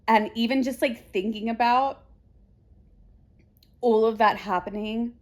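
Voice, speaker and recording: Teary woman, slow and halting. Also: fairly high pitch, fairly even intonation. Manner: halting, repeats herself, soft trailing phrases. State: teary and emotional. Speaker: book vlogger. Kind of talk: casual chat to camera.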